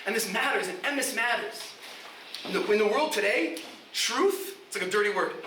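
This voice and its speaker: A man, a guest rabbi, giving an animated informal talk to yeshiva students, often shouting, laughing and restarting his sentences. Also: high-pitched, moderate pace, distant mic, background noise. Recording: echoey room, speaker away from mic.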